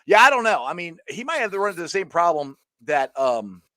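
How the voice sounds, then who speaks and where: A man hosts a sports show, chatting loosely, laughing and reading viewer comments aloud. His voice is a little high and swings a lot in pitch, recorded close and dry. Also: sing-song, fairly quick, bright, forceful tone, no echo. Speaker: podcast host. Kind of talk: casual sports chat.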